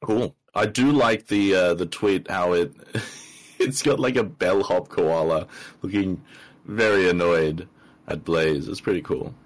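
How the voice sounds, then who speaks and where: A man's voice: low-pitched, unhurried, rough recording. A man hosting a casual podcast, rambling with lots of fillers and restarts. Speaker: podcast host. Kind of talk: casual chat.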